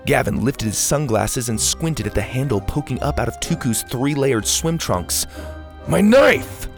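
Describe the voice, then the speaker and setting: A man narrating a kids' adventure story in an expressive, animated storytelling manner. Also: mid-range voice, normal speed, over music.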